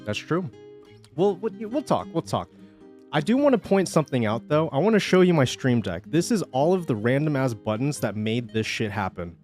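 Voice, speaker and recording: A man's voice: mid-range voice, big pitch swings, moderate pace, a little mellow. Laid-back man streamer swearing casually. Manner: loose, swearing, addresses chat directly. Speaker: streamer host. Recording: music and crowd noise behind.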